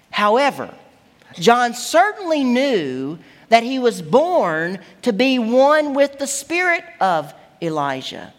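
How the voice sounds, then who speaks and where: A woman delivers a sermon with emphatic, expressive teaching. Her voice sits a little high and swings widely in pitch. A long hall reverb trails each phrase. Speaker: preacher.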